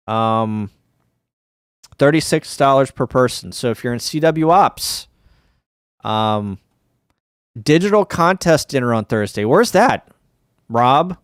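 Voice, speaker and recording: Middle-aged male streamer, tired, slow and rambling with wry asides, smooth tone. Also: mid-range voice, no room sound, clean studio sound. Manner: rambling, hesitant, full of ums and restarts, wry asides. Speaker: ham radio livestream host. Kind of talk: casual rambling livestream chat.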